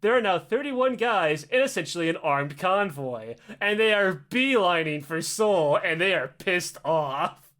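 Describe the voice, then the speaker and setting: Man, high voice, very lively pitch, casual profane storytelling, acts out quotes. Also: unhurried. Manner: animated, acts out quotes in funny voices, laughs often. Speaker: podcast host telling a history story.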